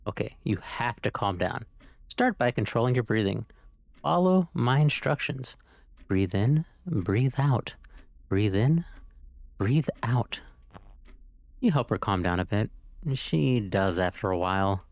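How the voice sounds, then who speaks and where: A man playing a visual novel and reading its narration aloud, in an animated manner. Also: on the low side, a little slow, gravelly, no room sound. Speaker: streamer.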